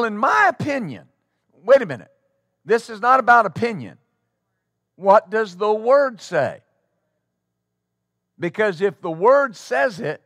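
A male pastor preaching a sermon to his congregation in a church, talking conversationally and then breaking into loud exclamations. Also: high-pitched, dry recording, studio quality. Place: church sanctuary before a congregation.

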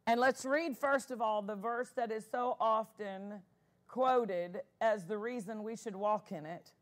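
A woman pastor preaches with a high-pitched voice. She speaks slowly and emphatically, repeating key phrases for weight. She calls for amens from the congregation. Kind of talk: sermon.

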